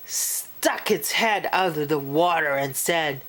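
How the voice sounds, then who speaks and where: A woman reading a children's picture book aloud, animated and expressive, pausing to talk to young listeners. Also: sits low. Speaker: storyteller.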